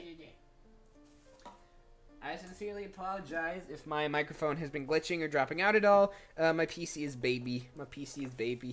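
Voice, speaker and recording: A man's voice: mid-range voice, a bit bright. A man streaming his voice acting work and chatting casually with viewers, self-deprecating. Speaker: voice actor streamer. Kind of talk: casual livestream chat.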